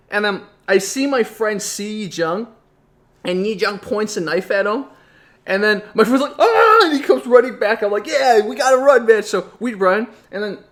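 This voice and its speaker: A man's voice: high-pitched, a bit bright. A young man telling a childhood story in a reflective vlog, rambling and restarting his sentences as he goes. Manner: rambling, with frequent restarts and asides. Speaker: vlogger.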